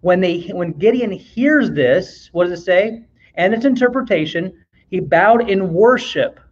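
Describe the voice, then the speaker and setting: High-voiced man teaching a Bible class. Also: lively intonation, measured pace, dull audio. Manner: reads scripture aloud, asks the class questions, jokes. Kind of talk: conversational Bible lesson.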